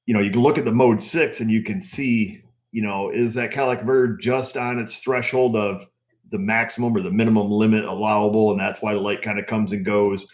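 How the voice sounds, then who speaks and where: A middle-aged man hosting a casual live stream for his auto repair channel, chatting in a relaxed, rambling way with plenty of fillers. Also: fairly low pitch, a little fast.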